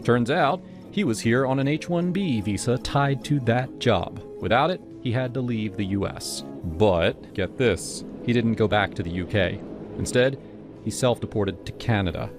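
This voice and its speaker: A man giving a brisk, wry scripted first-person narration of a horror story. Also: mid-range voice. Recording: over loud background music.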